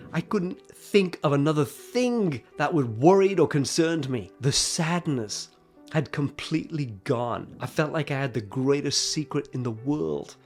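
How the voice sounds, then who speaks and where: A man telling a personal faith story in an expressive, dramatic way, moving between hushed and emphatic delivery. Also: medium pitch.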